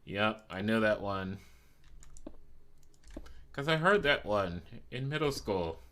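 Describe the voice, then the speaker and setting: A man's voice: on the low side, lively intonation, slow pace, a bit bright. A male streamer chatting casually while he plays, teasing his chat playfully and swearing freely.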